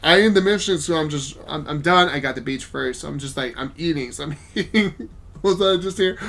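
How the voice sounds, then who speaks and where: A man in casual gaming chat, telling stories in an animated way and laughing often, with a faint noise behind him. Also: a little high, a little fast, gravelly. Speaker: podcast host.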